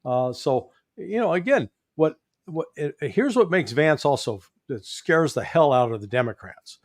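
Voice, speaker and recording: A man with a Midwestern accent giving political commentary as an interview guest, folksy and animated, chuckling often. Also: fairly high pitch, a little slow, no room sound, clean studio sound. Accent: Midwestern American. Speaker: guest, former intelligence analyst.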